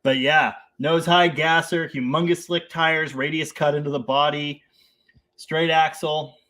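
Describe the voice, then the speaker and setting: A man's voice: fairly high pitch, fairly even intonation, unhurried, sharp tone. A man hosting a casual live stream about cars, reading out viewer comments, laughing often and rambling with enthusiasm. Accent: Canadian.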